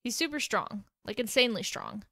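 A woman's voice: a little high, animated, fairly quick, bright, forceful tone, no echo, studio quality. A woman voicing a bubbly, chipper teenage girl hero who likes to tease. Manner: chipper and teasing.

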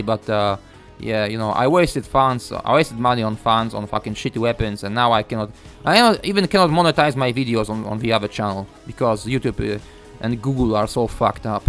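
A young man giving a ranting gameplay commentary, frustrated and swearing, halting with many fillers. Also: medium pitch, a bit bright, soft background music. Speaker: gaming YouTuber.

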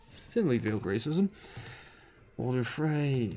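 Gravelly rambling man playing a game. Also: medium pitch, very animated, unhurried, darkish tone. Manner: rambling, profane, dry asides. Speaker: gaming commentator. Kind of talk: casual let's-play commentary.

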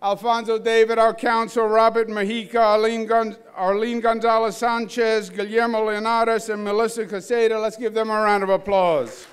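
A man in his fifties with a Queens, New York accent, giving a dinner speech as governor in a large banquet hall, joking and measured. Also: sits high, little pitch movement, clean tone. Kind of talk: public address at a dinner.

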